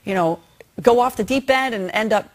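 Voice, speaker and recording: A woman's voice: a little high, moderate pace. A woman as a talk show guest, patiently explaining parenting techniques step by step. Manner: calm, patient, step-by-step teaching.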